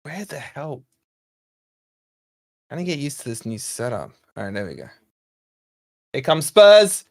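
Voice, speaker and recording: A man hosting a live fan watch-along, commentating on play and chatting with viewers, excitable and quick to shout at near misses and fouls. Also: a little high. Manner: chatty, talks to viewers and co-host. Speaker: fan channel host.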